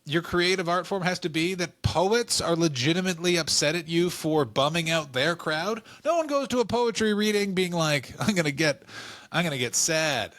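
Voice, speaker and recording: A man from Canada co-hosting a comedy podcast, telling stories in animated, quick asides. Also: sits high. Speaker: podcast co-host. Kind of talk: casual comedic chat.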